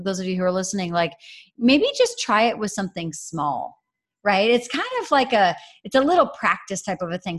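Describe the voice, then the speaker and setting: Chatty woman telling a faith story. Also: medium pitch. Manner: chatty, animated storytelling with many fillers. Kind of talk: casual faith chat.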